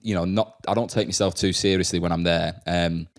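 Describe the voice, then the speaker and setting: Low-voiced man telling school stories. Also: steady tone, brisk. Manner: laughs often, acts out kids' voices. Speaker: podcast host and school staff member. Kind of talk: casual chat, telling anecdotes.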